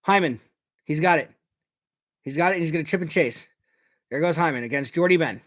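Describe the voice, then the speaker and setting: Ranting, profane fan commentator. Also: male voice, fairly high pitch, a little fast, no echo, clean studio sound. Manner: ranting, profane, swings from shouting to muttering. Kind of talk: fan watch-along commentary. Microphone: personal mic.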